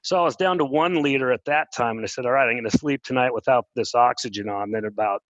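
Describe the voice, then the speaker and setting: A middle-aged man, an interview guest, telling a personal story in an earnest, plainspoken way and pausing when moved. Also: medium pitch, no echo, muffled recording.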